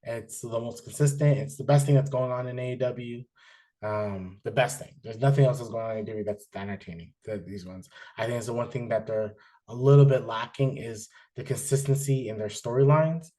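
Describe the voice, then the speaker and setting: Male podcast host, casual rambling delivery, filler-heavy, mid-pitched, animated in bursts. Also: a little fast. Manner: rambling, frequent fillers and restarts, animated when excited. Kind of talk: casual chat, reviewing wrestling.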